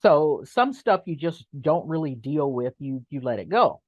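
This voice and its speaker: A woman's voice: low voice, sing-song, moderate pace, dry recording, muffled recording. A middle-aged woman speaking as an interview guest, frank and emphatic, sometimes reflective. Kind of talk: conversational interview.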